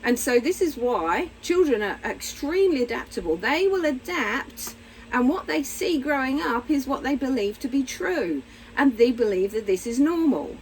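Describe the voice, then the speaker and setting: Lively, candid middle-aged woman therapist. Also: high voice, moderate pace, slight background noise, rough recording. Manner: candid, blunt, animated, acts out little voices. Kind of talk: casual explanatory talk to camera.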